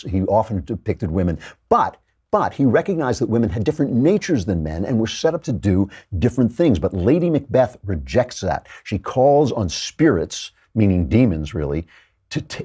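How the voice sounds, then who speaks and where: A man's voice: fairly low pitch, mellow, slightly rough. A man hosting a commentary monologue, earnest and lecturing, with frequent restarts. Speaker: host.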